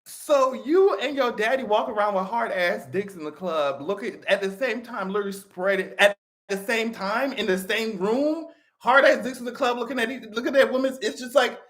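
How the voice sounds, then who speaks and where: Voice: mid-range voice, normal speed. A live-stream commentator talking casually, swearing freely and laughing often. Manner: profane, animated, laughs often.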